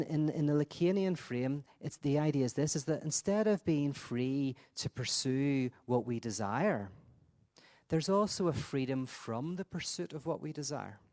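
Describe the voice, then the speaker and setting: A man's voice: on the high side, darkish tone. A man giving a conference talk who tells parables and often repeats words while he thinks. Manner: halting, repeats words, reflective. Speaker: conference speaker.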